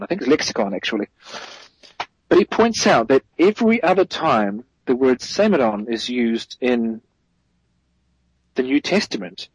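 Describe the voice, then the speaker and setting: A man's voice: mid-range voice, breathy edge, no room sound, poor audio. A man as a guest theologian, giving a thoughtful explanatory answer in an interview, correcting himself as he goes and stressing key points.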